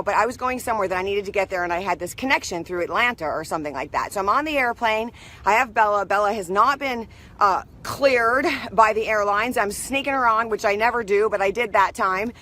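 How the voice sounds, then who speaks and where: A woman's voice: fairly high pitch, sharp tone. A woman hosting a live video, telling a rambling personal story in a chatty way and greeting viewers as they join. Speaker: live stream host.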